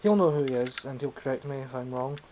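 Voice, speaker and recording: A Scottish toy collector vlogger shows off toys he bought in a casual show-and-tell, chatting with self-mocking humour. He's a fast talker with a mid-range, dark-toned voice. The highs are cut off, with a little hiss or hum.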